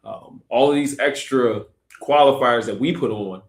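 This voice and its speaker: A man's voice: medium pitch, measured pace, reverberant. A man hosting a Christian discussion show, talking earnestly with many fillers and restarts. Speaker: host.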